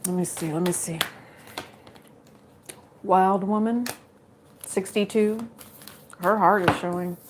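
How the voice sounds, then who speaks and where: Woman, unhurried chatty tarot reader who laughs a lot, faint hiss behind. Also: medium pitch, steady tone. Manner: chatty, laughs often, jokes with viewers. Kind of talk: casual live tarot reading.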